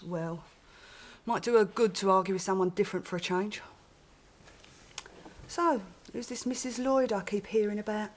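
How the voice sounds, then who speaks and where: A woman's voice: medium pitch, fairly even intonation, moderate pace, long pauses, slight background noise, lightly acted. An actress playing a sarcastic, bawdy woman. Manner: wisecracking, sarcastic. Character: sardonic, bawdy London woman, the boy's auntie.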